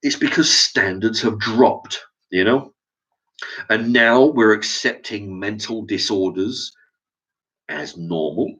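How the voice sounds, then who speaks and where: A man's voice: on the low side, takes it slowly, a bit bright. A middle-aged man with an English accent rants to camera in an opinion vlog, stumbling over restarts and swearing often. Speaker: vlogger. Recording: dull lo-fi recording.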